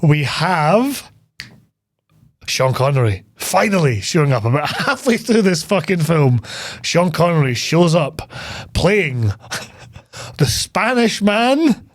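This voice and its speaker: A man's voice: fairly high pitch, sing-song, slow pace, no room sound, clean studio sound. A young man co-hosting a casual film chat, rambling and swearing with lots of fillers. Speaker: podcast co-host.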